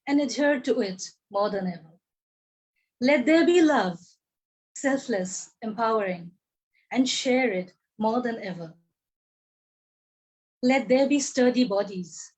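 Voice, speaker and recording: A woman reciting her own poem on a video call, repeating lines for emphasis, her voice tiring. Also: a little high. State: voice tiring, coughing. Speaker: poet reading her work. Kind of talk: poetry recital.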